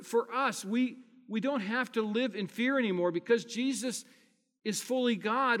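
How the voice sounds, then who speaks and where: A pastor delivers a sermon in an earnest, high-pitched voice. He swells loud on key phrases, then falls quiet between them. The sound carries a long hall reverb.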